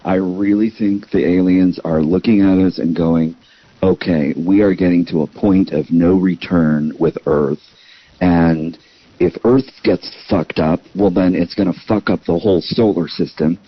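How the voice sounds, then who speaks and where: A man's voice: deep voice, fairly even intonation, a little slow, no room sound, highs cut off. A man in his fifties, a guest in a casual chat, blunt and opinionated. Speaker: podcast guest.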